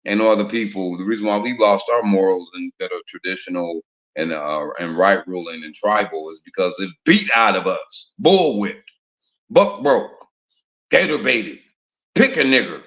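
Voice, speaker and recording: A religious speaker with a low, fairly bright voice preaches at a moderate pace, using street slang and firing off rhetorical questions. The recording is muffled, lo-fi, and full of room echo.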